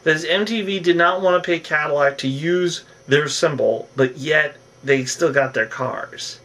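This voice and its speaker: A man casually recapping a reality TV episode, rambling and animated, acting out what the cast said. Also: a little high, a little slow, recorded from a distance. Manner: rambling, animated, acts out cast members' lines.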